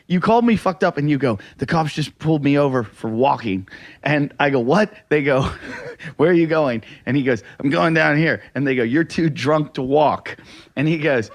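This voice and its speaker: A man's voice: on the high side, animated, normal speed. A man hosting a casual podcast, teasing his co-host and laughing often.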